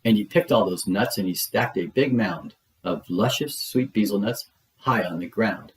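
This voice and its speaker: A man reads a children's rhyming story aloud, leaning into the bounce of each couplet. His voice is on the low side and unhurried in its rhythm. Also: poor audio.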